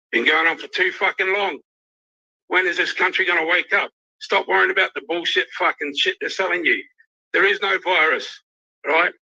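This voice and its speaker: A man's voice: fairly high pitch, bright, forceful tone, slightly rough. An angry, emotional Australian man ranting on a livestream, swearing constantly. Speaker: youth worker ranting on a livestream. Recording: dull lo-fi livestream audio.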